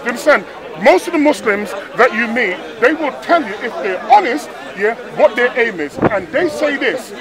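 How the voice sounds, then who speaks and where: A man holds forth outdoors in a park, his voice pitched unusually high for a man. He lectures the crowd, drives points home with "you understand?", and raises his voice into insults when challenged. A crowd of onlookers chatters loudly around him, picked up by a camera mic a few feet away. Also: animated, normal speed, poor audio. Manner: lecturing, repeats "you understand?" and phrases for emphasis; raises his voice and trades insults in heated arguments. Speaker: street preacher-style public speaker. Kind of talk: heated open-air street debate.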